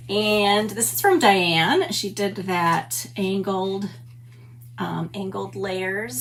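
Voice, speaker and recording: Woman, middle-aged, crafting livestream host, unhurried gushing chat, faint hum behind. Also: mid-range voice. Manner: chatty, gushing, greets viewers by name. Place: home stamp room.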